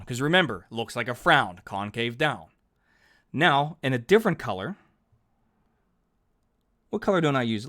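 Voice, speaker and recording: A math teacher, a man with a medium-pitched and slightly bright voice, narrates a calculus lesson on a digital whiteboard. He's chatty and upbeat, thinking out loud and correcting himself as he writes out each step.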